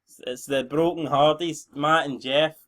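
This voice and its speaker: A man's voice: a little high, fairly even intonation, unhurried, fairly bright tone. A young Scottish man giving rambling, blunt, sweary commentary on a game he is playing. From Scotland. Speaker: gaming channel host.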